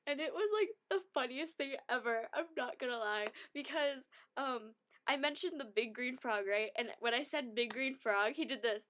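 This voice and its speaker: A young woman tells a story in a loose, chatty vlog manner. Her voice sits a little high, and she giggles often and fills her talk with "like.". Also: normal speed, fairly bright tone. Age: young adult.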